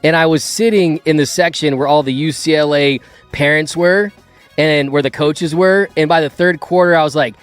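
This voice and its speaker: A middle-aged man hosting a sports talk show, telling lively stories in a casual, animated way. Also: moderate pace, clear, resonant tone, faint music behind. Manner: animated, acts out his own past outbursts in a higher voice. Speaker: sports podcast host. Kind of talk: casual storytelling chat.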